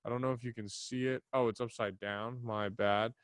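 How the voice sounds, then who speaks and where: A man's voice: medium pitch, fairly even intonation, moderate pace, smooth, dry recording. Young guy doing his podcast solo, rambly and swearing a lot, regular mid voice, dry close mic. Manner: rambling, loose and profane. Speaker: podcast host. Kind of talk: casual solo podcast chat. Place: small home studio. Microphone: desk mic in front of a camera.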